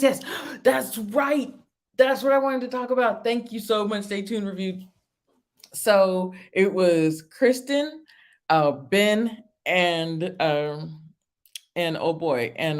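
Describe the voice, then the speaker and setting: A woman's voice: mid-range voice, takes it slowly. Woman, mid-range voice, casual reality TV commentary, laughs a lot, repeats lines for emphasis, talks to her chat. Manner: chatty, laughs often, answers viewer comments; emphatic, repeats phrases for effect. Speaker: reality TV reviewer and host. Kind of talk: casual live-stream commentary.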